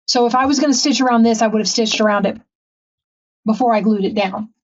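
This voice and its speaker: A woman's voice: a little high, fast, recorded from a distance, muffled recording. A woman hosting a casual craft tutorial, chatting and rambling with frequent ums in her home craft room. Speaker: craft channel host.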